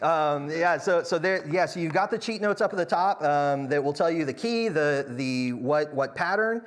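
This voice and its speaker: A man's voice: fairly high pitch, animated, normal speed. A man teaching a church song leading class, counting beats aloud with frequent restarts. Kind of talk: church music class lecture.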